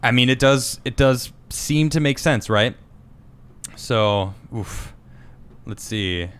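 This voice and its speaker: A man hosting a casual podcast stream, reading viewer comments aloud and reacting with quick asides. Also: mid-range voice, clear, resonant tone. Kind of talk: casual live-stream chat.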